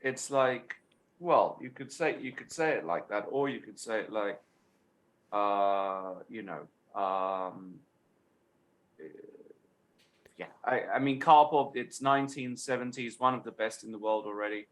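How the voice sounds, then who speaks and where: A man's voice: lowish voice, a little slow, fairly bright tone. A man coaching a chess tactics lesson, explaining step by step and often checking in with his student.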